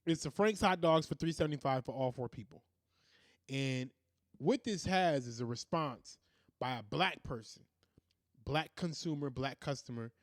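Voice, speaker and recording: A man's voice: medium pitch, normal speed, no room sound, studio quality. A man hosting a podcast in a casual, profane monologue who keeps breaking into laughter. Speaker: podcast host.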